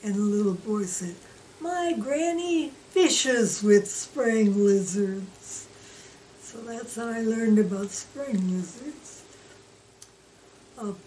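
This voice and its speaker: A woman recalling preschool memories in an interview, slow and gentle. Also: a little high. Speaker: former preschool worker. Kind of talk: interview storytelling. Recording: distant mic, faint room noise.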